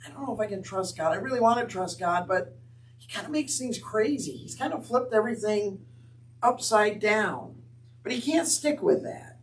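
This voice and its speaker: A man's voice: sits high, lively intonation, normal speed, recorded from a distance, poor audio. A man teaching on scripture in an earnest, conversational way with wry asides. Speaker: Bible teacher. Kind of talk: Bible teaching talk.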